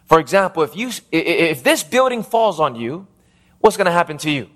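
A man preaching an evangelistic sermon, reading scripture and putting call-and-response questions to the congregation, slowing down to stretch key phrases. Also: a little high, sing-song, fairly bright tone.

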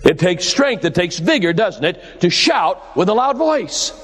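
An older man preaches in a church, his voice sitting fairly high. He has a preacher's cadence, drawing words out slowly for weight and rising at his exclamations. The sound carries a long reverb from the hall around him. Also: very animated. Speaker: pastor. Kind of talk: sermon.

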